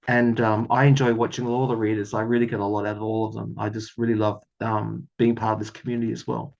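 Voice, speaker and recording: A man's voice: fairly low pitch, highs cut off. A man talking casually in a tarot reading vlog, rambling and earnest, often laughing at himself. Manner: rambling, earnest, chatty with self-deprecating laughs. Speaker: tarot reader.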